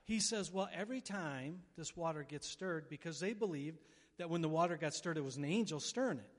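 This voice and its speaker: A male pastor preaching an animated sermon, acting out quotes and breaking into loud bursts. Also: fairly high pitch, a little fast. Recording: long reverb of a large hall.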